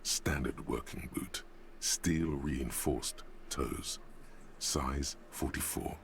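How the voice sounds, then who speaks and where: A game's inner voice of a detective's mind, extremely deep and gravelly. He speaks slowly, in a measured, solemn and coolly observant way, with faint noise underneath. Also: whispered, exaggerated voice. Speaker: game narrator.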